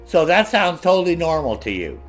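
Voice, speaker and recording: A man's voice: on the high side, very animated, fairly quick, faint music behind. A man streaming a video game and ranting in heavy profanity while he plays, laughing often. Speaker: gaming streamer. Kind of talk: casual gameplay commentary.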